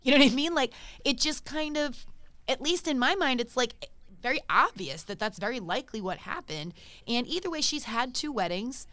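A woman hosting a podcast in casual chat, talking fast and loose with lots of filler words. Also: sits high, animated, bright, forceful tone, no echo. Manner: chatty, heavy use of "like", swears casually. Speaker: podcast host.

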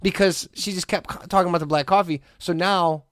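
A man co-hosting a podcast, telling stories in a casual chat and acting out other people's lines in sudden high voices. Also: a little fast, no room sound, clean studio sound. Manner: animated, acts out other people's voices with big pitch jumps. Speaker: podcast co-host.

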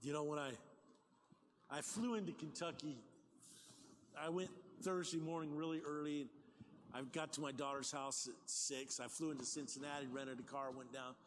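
An older man preaching a sermon as pastor, talking in a conversational, animated way with folksy asides. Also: a little high, moderate pace, slight background noise. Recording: long hall reverb, faint ambience.

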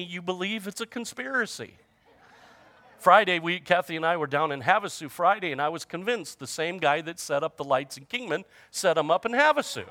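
A man's voice: fairly high pitch, sharp tone, no room sound. A man preaching a sermon, chatting with the congregation, joking about everyday trouble and reading scripture aloud. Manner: conversational preaching with humor and audience call-outs. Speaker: pastor.

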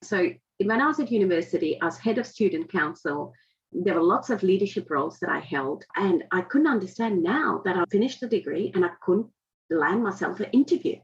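Woman in her forties, Indian-heritage Australian accent, low gravelly voice, earnest interview guest, lo-fi sound. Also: expressive, brisk. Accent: Indian-heritage, adapted to Australian. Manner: earnest, reflective, emphatic. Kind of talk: conversational interview storytelling. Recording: dull lo-fi audio.

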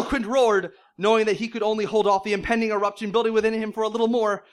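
High-voiced man doing a mock-serious reading. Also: level tone, quick pace, hardly any pauses. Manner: mock-serious narration, breaking into laughter. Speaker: comedic reader. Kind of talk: comedic dramatic reading of fan fiction.

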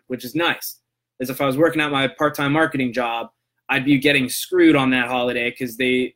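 A man hosts a casual solo podcast, rambling loosely and conversationally while tagging lines with "right?". His voice is medium-pitched and a bit bright.

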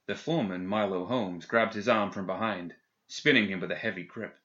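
A man narrating an audiobook in a steady, measured reading. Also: sits low. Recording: dull lo-fi recording.

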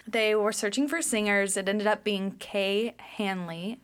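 A woman's voice: mid-range voice, steady tone, a little slow. A woman co-hosting a casual pop-culture podcast, eagerly laying out movie and music trivia. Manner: enthusiastic, detailed, trivia-heavy. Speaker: podcast co-host.

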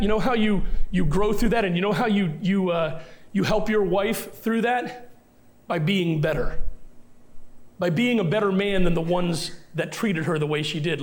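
High-voiced man preaching a sermon. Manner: emphatic repetition and rhetorical questions; direct address to the congregation. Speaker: pastor.

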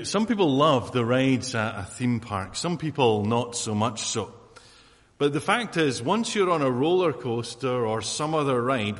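A man preaching a sermon in a relaxed, conversational way, full of fillers and asides to his congregation. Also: mid-range voice. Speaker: pastor. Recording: long hall reverb.

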